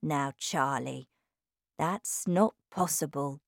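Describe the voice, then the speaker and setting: Woman doing a gruff old grandpa. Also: low-pitched, takes it slowly, no echo, studio quality, voice pushed down, heavily acted. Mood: doubtful. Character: old grandfather, doubtful then overjoyed.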